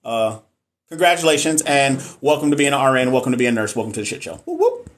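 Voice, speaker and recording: A man's voice: medium pitch, big pitch swings, fast talker. A man from Texas, chatting casually and jokingly on a live stream as a nurse educator, reading and answering viewer comments.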